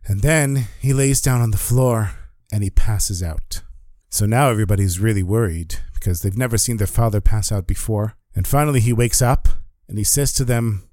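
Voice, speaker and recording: A man's voice: on the low side, moderate pace, no room sound, studio quality. A man telling a story, acting out the quoted speech of the people in it. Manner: animated, acts out quoted speech. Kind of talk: storytelling narration.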